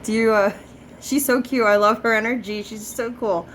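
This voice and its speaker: A woman's voice: a little high, fairly even intonation, moderate pace, a bit bright, slight background noise, low-quality recording. A woman doing a spirit reading as a psychic medium, chatty, full of filler words and swearing freely.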